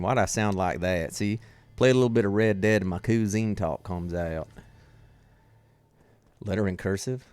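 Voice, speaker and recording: A man's voice: deep voice, normal speed, darkish tone. A man casually joking and rambling as he plays through a game, swearing now and then. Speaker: streamer playing a game mod. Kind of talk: casual gaming commentary. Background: faint game music.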